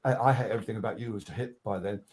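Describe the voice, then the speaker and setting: An older man with a fairly low voice races through casual studio anecdotes as a guest record producer. He's animated, swears freely, acts out what people said, and is full of restarts and fillers.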